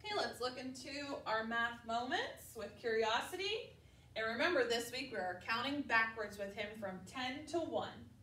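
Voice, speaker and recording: A woman teaching preschoolers, speaking slowly and carefully, stretching out letter sounds and leading call-and-response drills. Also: fairly high pitch, expressive, bright, forceful tone, slight background noise. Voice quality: clear, exaggerated enunciation of sounds. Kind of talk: slow, deliberate classroom instruction to young children. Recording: echoey room, distant mic.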